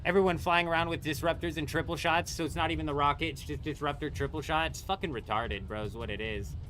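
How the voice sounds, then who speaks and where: A young man livestreaming a game, ranting in a bright, forceful voice pitched a little high. He swears constantly and vents his frustration at the gameplay. A faint hiss of background noise sits under his voice. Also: fast talker. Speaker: gaming streamer. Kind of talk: live gameplay commentary.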